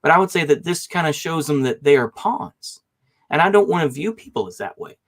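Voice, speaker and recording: A man's voice: fairly high pitch, expressive, fairly quick. Hesitant, rambling man in a debate. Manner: rambling and hesitant, hedging often. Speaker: debate guest. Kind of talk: online political debate.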